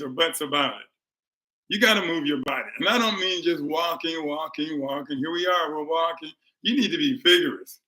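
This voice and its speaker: Male host, high and bright voice, preachy and emphatic live motivational talk. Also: low-quality recording. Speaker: health speaker and show host.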